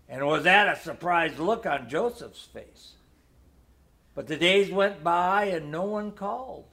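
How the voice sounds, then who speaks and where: A man reading a nostalgic holiday story aloud in a gentle storytelling manner. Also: sits high. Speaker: narrator.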